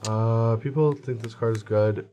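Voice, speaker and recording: A man's voice: mid-range voice, fairly even intonation, a little slow, warm tone. A man playing a card game, thinking his moves through aloud with a joking, hesitant manner. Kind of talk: casual table talk during a match.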